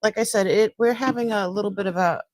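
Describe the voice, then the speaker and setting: A middle-aged woman from Massachusetts with a Boston accent hosts a casual live-stream from home, standing by a counter indoors as a seller who chats, rambles and greets viewers by name. Her mid-range voice is quick and darkish in tone, with no room sound.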